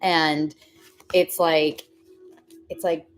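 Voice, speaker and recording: A woman's voice: deep voice, unhurried, pauses often, faint music behind. A young woman giving tarot readings on a casual livestream, chatty and giggly with many fillers. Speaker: tarot reader.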